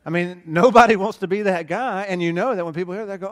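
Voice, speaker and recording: A middle-aged man from Southeast Alabama with a Southern accent, preaching a sermon earnestly, swinging between loud emphasis and hushed asides. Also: high voice, fast talker, few pauses. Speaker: pastor. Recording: long reverb of a large hall.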